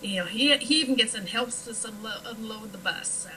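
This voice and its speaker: Bright, chatty woman from Nebraska. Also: a little high, a little fast, slight background noise, poor audio. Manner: chatty, lots of fillers. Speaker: paranormal investigator guest. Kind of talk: casual chat.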